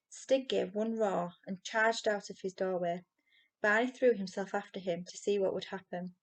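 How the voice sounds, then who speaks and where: A woman with a mid-range voice reads a children's novel aloud, telling the story expressively.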